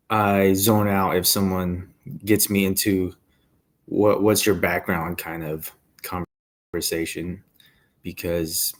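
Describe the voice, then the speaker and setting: A man chatting on a podcast, sharing his view in a thoughtful, measured way. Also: low-pitched. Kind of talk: casual chat.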